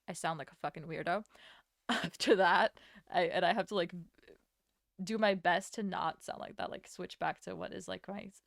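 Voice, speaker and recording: A woman's voice: medium pitch, creaky, dry recording, studio quality. A young woman streamer whose first language is Latvian, rambling casually while she draws, swearing now and then and answering her chat. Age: young adult.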